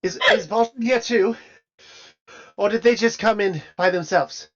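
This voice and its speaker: A woman playing a tabletop game, talking in a dry, deadpan way. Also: medium pitch, unhurried. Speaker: player. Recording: dull lo-fi audio.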